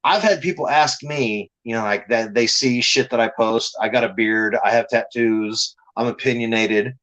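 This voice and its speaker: A man's voice: mid-range voice, moderate pace, a bit bright, muffled recording. A man, a comic creator, telling blunt, profane stories in a casual podcast chat.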